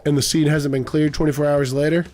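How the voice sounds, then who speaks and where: A man's voice: a little high, little pitch movement, fast talker, a little mellow, natural voice. A man voicing a wisecracking male cat detective in a film-noir game, asking dry, joking questions.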